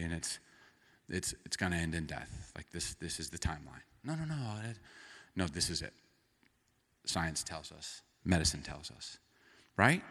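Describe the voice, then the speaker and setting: A male pastor preaching a sermon in a church hall, telling stories with lively swings from loud outbursts to hushed lines. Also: mid-range voice. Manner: animated storytelling, swings from shouting to hushed. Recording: long hall reverb.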